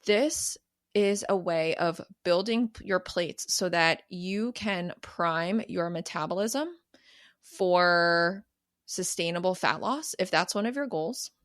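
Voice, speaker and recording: A woman's voice: lowish voice, fairly bright tone, no echo, studio quality. A woman in her thirties hosting a solo podcast as a coach, talking candidly and emphatically with casual swearing. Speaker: podcast host and cravings coach.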